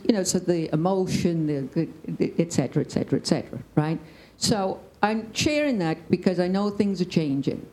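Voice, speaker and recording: A woman's voice: deep voice, dark tone, rough recording. A woman speaking on a discussion panel, telling a story emphatically and checking in with "right?".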